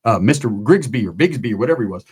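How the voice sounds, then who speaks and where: A man's voice: medium pitch, lively intonation, quick pace, darkish tone, slightly rough. A man telling a long, profane, rambling story in casual talk, acting out the other people in it.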